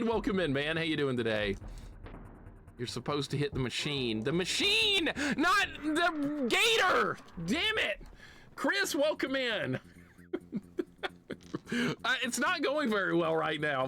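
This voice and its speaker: Male streamer, slight Southern US accent, excitable live play commentary, soft game music underneath. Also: medium pitch, creaky. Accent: slight Southern US city accent. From southeastern United States. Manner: chatty, excitable, laughs often, greets chat.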